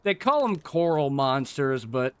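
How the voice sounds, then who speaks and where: A man streams a game and talks to himself as he plays. His commentary is loose and sweary, and it drifts into rambling stories that restart mid-sentence. His pitch sits in an ordinary middle range for a man. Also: very animated, unhurried, slight background noise. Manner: loose and profane, mutters to himself while playing. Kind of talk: casual gameplay commentary.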